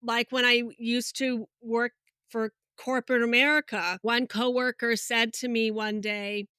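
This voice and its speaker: Bright, clear-voiced woman telling stories. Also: a little high, measured pace, dry recording, studio quality. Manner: lively storyteller, acts out quoted people. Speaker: hypnotherapist guest. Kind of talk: podcast interview.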